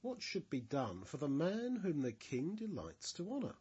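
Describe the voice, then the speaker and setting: A man voicing a king who speaks in a slow, stately way. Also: on the high side, huge pitch swings, warm tone, husky, dull audio, exaggerated voice. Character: grand male king, generous then angry.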